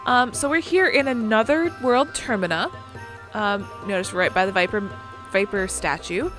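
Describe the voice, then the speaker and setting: A woman's voice: medium pitch, moderate pace, a bit bright, soft background music. A woman giving casual, rambling commentary as she plays through a video game. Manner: chatty, rambling, lots of fillers. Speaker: video game let's player.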